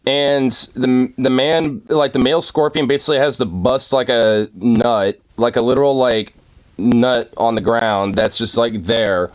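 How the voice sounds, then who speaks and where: A man's voice: mid-range voice, steady tone, a little slow. A man giving casual reaction commentary, rambling and profane, with many fillers. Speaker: streamer reacting to a video.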